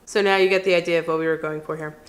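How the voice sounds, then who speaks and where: A woman's voice: deep voice, steady tone, racing. A woman vlogger telling true stories in a chatty, casual way, laughing often and acting out the voices of others. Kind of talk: casual storytime.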